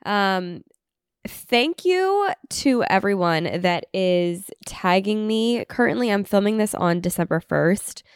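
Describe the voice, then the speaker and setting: A woman's voice: medium pitch, clean tone, dry recording, clean studio sound. A young woman hosting a podcast in a casual, chatty way, sounding a little congested as she gets over an illness. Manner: chatty, uses "like" and "um" often. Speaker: podcast host.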